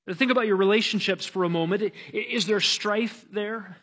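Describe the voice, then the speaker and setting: A man delivers a sermon in a high, light voice. He preaches earnestly and with emphasis, stumbling and restarting his phrases as he presses his point. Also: moderate pace, fairly bright tone, slightly rough. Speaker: pastor.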